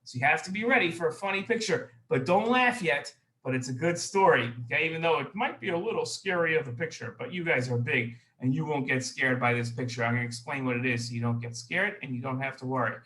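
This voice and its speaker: A man's voice: a little high, fast talker, few pauses, fairly bright tone. A man hosting a children's show, telling a story to kids in an upbeat, reassuring way. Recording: echoey room.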